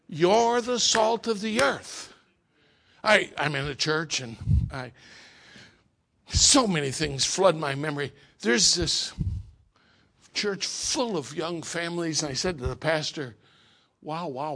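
A middle-aged man preaching a sermon, telling stories and swinging from hushed asides to shouted peaks. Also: sits high.

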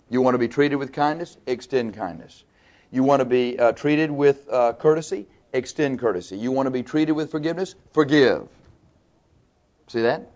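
Emphatic man preaching a Bible sermon. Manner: emphatic, asks questions and answers them; varies pitch and loudness widely.

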